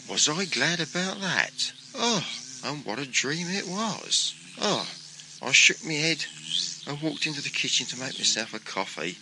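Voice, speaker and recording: A man's voice: a little high, sing-song, a little slow, background noise. A man hosting his own broadcast and telling a playful homemade story in a chatty, theatrical way. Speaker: host and storyteller.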